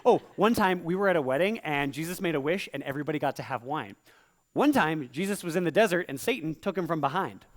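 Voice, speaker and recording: A man performing stand-up comedy in rhyme on a live stage, slipping into quick voiced asides. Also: on the high side, animated. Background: audience laughter.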